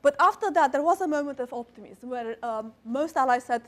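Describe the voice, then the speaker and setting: High-voiced woman moderating a panel. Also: lively intonation, a little fast, hardly any pauses, a bit bright. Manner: polished, formal.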